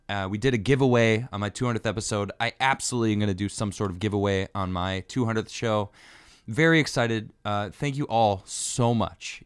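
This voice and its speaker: A man hosting his own show, talking casually and earnestly to his viewers in a quick, halting way. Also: on the low side, smooth, no echo, clean studio sound. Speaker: show host. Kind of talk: casual live-stream chat thanking viewers.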